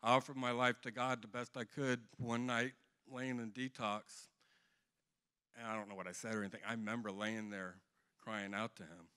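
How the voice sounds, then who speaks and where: A man's voice: mid-range voice, flat delivery, normal speed, pushed and bright, clean tone. A middle-aged man giving a rambling, earnest personal testimony to a church congregation. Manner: earnest, rambling storytelling with restarts.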